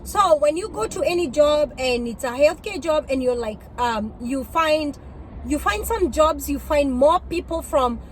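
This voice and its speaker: A woman from Africa talks to her viewers from behind the wheel in a high, lively voice. She tells her stories with animated energy and breaks into laughter often. A faint hum of the car and the road sits under her voice. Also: a little slow, low-quality recording. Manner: animated, chatty storytelling with frequent laughs. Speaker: vlogger. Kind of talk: casual chat while driving. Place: inside a car, driving. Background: faint road and car noise.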